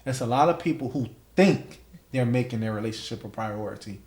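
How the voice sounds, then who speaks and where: A man's voice: medium pitch, expressive, a little fast, darkish tone, echoey room. A man hosting a podcast in casual interview chat, emphatic and fond of saying "like" and "right?". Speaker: podcast host.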